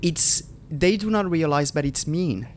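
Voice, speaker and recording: A man in his thirties from France with a French accent, co-hosting a casual podcast chat, animated and swearing freely. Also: fairly high pitch, measured pace, a little hiss or hum. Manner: animated, swearing, restarts sentences. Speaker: podcast co-host.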